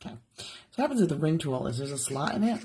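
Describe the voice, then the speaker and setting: A woman with a low, husky voice leads a live craft demonstration from her home studio. She chats casually and thinks aloud while she works, and her tone stays mellow throughout. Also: big pitch swings, fast. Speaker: jewelry artist demonstrating live.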